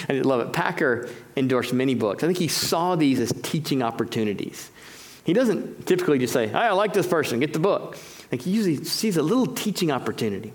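A man preaching a teaching sermon, emphatic and conversational, slowing down to stress key phrases. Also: medium pitch.

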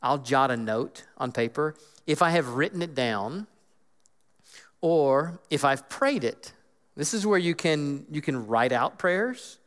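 Earnest guy with a slightly high voice giving an animated bible talk, long hall reverb behind him. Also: slow. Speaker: guest speaker on Scripture. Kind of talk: casual teaching talk.

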